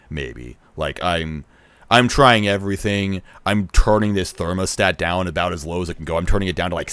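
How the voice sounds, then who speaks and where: A man's voice: sits low, a bit bright, no echo. A young man casually telling a long story to camera, rambling with many fillers and restarts and quoting what people said. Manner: rambling, lots of fillers and restarts, nervous laughs; acts out others' lines in quoted voices. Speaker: vlogger recounting a festival trip.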